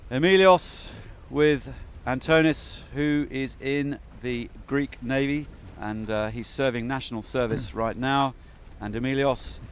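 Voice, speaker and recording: A man's voice: on the high side, slight background noise. A man giving chatty, upbeat live commentary on a sailing race, with frequent fillers.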